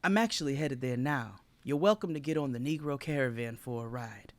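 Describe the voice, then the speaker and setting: A man's voice: mid-range voice, fairly quick, no room sound, lightly acted. A man voicing a friendly young soldier. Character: helpful young male soldier.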